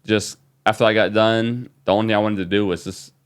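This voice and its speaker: A man from New Orleans, a young adult, guest on a podcast, telling an excited story with many fillers. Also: on the low side, brisk, clean tone. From New Orleans, USA. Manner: animated, excited retelling with fillers. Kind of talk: casual storytelling.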